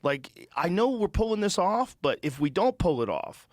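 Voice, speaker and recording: A man's voice: high-pitched, moderate pace, dry recording, studio quality. A middle-aged man hosting a podcast, telling stories in casual, profane chat. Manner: profane, animated storytelling. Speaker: podcast host.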